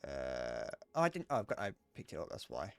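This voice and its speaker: Young male streamer, animated pitch, dry close mic, jokey, swears, talks to chat. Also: a little fast, vocal fry, smooth, no echo. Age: 20s. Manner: joking, swearing, chatting to viewers. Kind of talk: casual live gameplay chatter.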